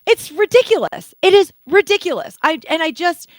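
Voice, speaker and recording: A woman's voice: very high-pitched, lively intonation, normal speed, dry recording. A woman co-hosting a casual chat show, talking expressively and teasing her co-host playfully. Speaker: podcast co-host.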